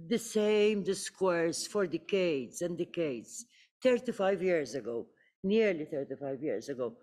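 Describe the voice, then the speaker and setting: A woman from the Mediterranean gives an impassioned panel speech. Her voice sits at a medium pitch, and her earnest delivery builds to urgent appeals. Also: a little mellow.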